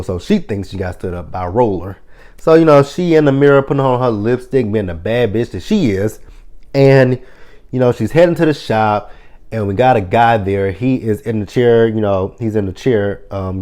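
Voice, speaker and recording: A man in his thirties recapping a TV episode in a casual, profane, animated vlog style, acting out the characters' lines as he goes. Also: on the low side. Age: 30s. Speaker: TV episode reviewer.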